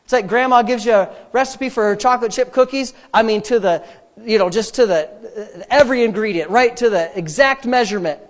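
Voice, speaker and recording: A male pastor preaching a sermon, repeating phrases for emphasis and at times dropping to a quiet, prayerful tone. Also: high voice, a little fast.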